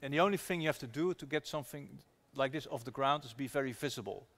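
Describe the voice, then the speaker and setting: Man, mid-pitched, earnest guest storyteller, keeps restarting phrases. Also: quick pace, a bit bright. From Netherlands. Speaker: activist investor guest. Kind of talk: storytelling conversation at a public talk.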